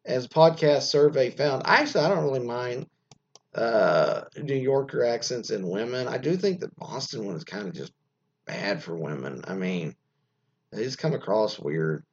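An American man talks in a loose, opinionated podcast style, stumbling over restarts and fillers as he reads out news and wanders off on tangents. His voice is husky and sits at an ordinary pitch. The recording sounds dull and lo-fi. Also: lively intonation, normal speed. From United States. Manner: rambling, frequent restarts and fillers, reads news aloud then riffs. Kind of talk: casual opinionated commentary.

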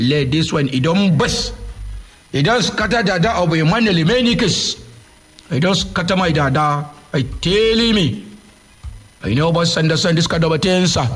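A man with a Nigerian accent giving an indignant political monologue, firing off repeated rhetorical questions and slipping into Nigerian Pidgin. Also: fairly high pitch. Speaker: political commentator. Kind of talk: impassioned monologue.

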